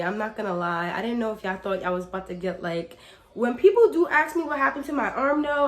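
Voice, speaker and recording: Young woman, hoarse from a cold. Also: fairly high pitch. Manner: chatty, swears freely, frequent "like" fillers; addresses viewers directly as y'all. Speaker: vlogger. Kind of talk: casual storytime.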